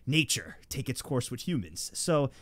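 A man telling a funny story in casual chat, animated and hesitant, acting out the scenes. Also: medium pitch, normal speed, no echo, clean studio sound.

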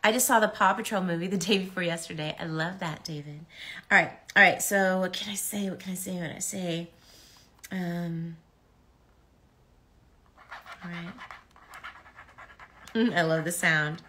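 A woman's voice: on the low side, steady tone, moderate pace, long pauses, pushed and bright. Bubbly chatty woman signing autographs. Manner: chatty and bubbly, reading comments aloud, many ums. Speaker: voice actress signing autographs on a live stream. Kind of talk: casual live-stream chat while signing.

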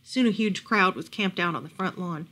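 A woman reading a picture book aloud at a library storytime, expressive and lively. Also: fairly low pitch, moderate pace.

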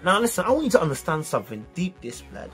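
A young British man telling a story to camera in casual slang, animated and acting out the dialogue. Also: high voice, quick pace, faint music behind. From United Kingdom. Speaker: vlogger.

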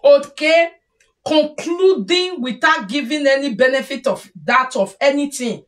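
Nigerian woman vlogger, high-pitched, talks straight to viewers in a scolding, advice-giving tone. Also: expressive, a little slow, recorded from a distance. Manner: lecturing, scolding, mixing pidgin. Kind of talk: casual advice monologue. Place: home.

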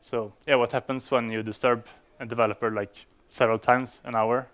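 A man's voice: mid-range voice, flat delivery, fairly quick, a bit bright. A man giving a conference talk to developers, speaking English as a non-native speaker, with frequent fillers and restarts. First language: Swedish. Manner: hesitant, many fillers and restarts.

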